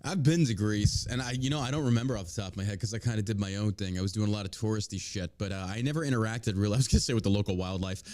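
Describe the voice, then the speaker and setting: A man's voice: lowish voice, very fast, hardly any pauses, darkish tone, no room sound. A man hosting a podcast, chatting casually with crude jokes, profanity and frequent laughter. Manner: joking, profane, laughs often. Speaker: podcast host.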